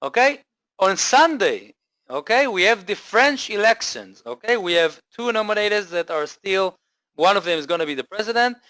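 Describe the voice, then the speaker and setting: A man with a high voice presents a live online trading lesson at normal speed, energetic and full of fillers and self-corrections. He often checks in with listeners, and there is no room sound.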